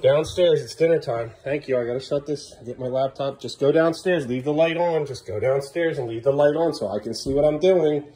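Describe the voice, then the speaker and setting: A man in his thirties filming a casual home vlog as a father, coaxing his young kids upbeat, then dropping to low tired asides for the camera. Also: a little fast, hardly any pauses, warm tone, husky. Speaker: father and vlogger. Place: family home indoors.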